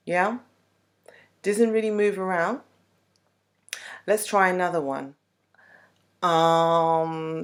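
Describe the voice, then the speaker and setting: Woman vocal coach, lowish voice, slow casual explaining for a worship singing lesson. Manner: chatty, unhurried explaining with frequent ums.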